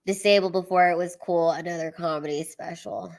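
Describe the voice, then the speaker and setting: A woman's voice: fairly low pitch, steady tone, brisk. Woman in her thirties, comedian host, candid and teary, swears freely, livestream chat. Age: 30s.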